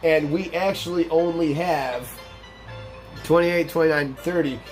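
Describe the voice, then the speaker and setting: A man hosting a let's play, telling a profane work story in an animated, casual way and acting out what people said. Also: on the high side, measured pace, faint music behind. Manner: animated, profane storyteller who acts out quotes. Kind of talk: storytelling over gameplay commentary.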